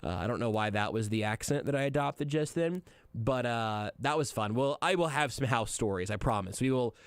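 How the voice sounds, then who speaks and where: Chatty, smooth-voiced male sports radio host. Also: medium pitch, normal speed, no echo. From Kansas City area. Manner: chatty, joking, with frequent fillers and restarts. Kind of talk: casual radio monologue. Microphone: studio microphone.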